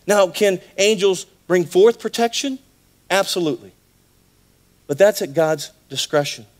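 High-voiced animated preacher. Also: male voice, unhurried. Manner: animated storytelling with acted voices. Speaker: pastor. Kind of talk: sermon. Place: church.

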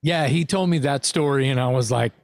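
A man co-hosting a podcast, chatting in a relaxed way and swearing casually. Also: medium pitch, fairly quick, dry recording. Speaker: podcast co-host. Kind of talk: casual interview chat.

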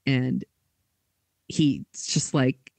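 A man hosting a podcast, telling a story in a casual way, with lots of fillers and quick acted quotes. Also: mid-range voice, level tone, vocal fry, a little mellow, dry recording. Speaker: podcast host.

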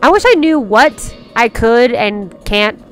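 A woman's voice: on the high side, animated, slow. A young woman streaming a video game, bubbly and playful, gasping and chattering with her viewers as she plays. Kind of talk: live game streaming chat. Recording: faint game music under voice.

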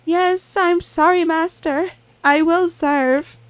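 A woman's voice: extremely high pitch, fairly even intonation, slow pace, no echo, voice pushed up. A woman voicing an eager, simple-minded male clown who sells ice cream, with a raised, fawning voice.

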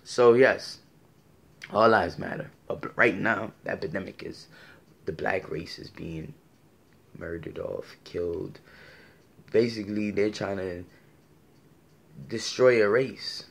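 Low, gravelly man ranting with passion. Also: slow pace, pauses often, a bit bright. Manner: passionate, argumentative, keeps asking rhetorical questions. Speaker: commentator giving his opinion. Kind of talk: impassioned opinion monologue.

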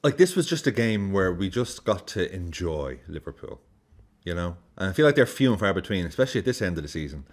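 A man, giving animated, casual football commentary as a vlogger. He swears freely and acts out his reactions. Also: low voice, fairly quick.

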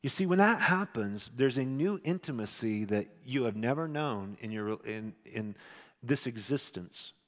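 A middle-aged male pastor giving a sermon with a personal story, animated and loud at times, then hushed and tender. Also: mid-range voice, measured pace. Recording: long hall reverb.

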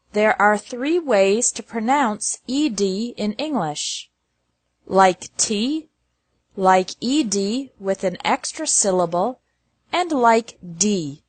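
A woman reading an English lesson, pronouncing verb lists slowly one word at a time. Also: medium pitch, dry recording. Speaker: English teacher. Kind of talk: slow scripted lesson narration.

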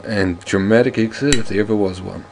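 A man casually commenting on a text adventure as a let's play host, wry and relaxed. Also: fairly low pitch, brisk, vocal fry, over music.

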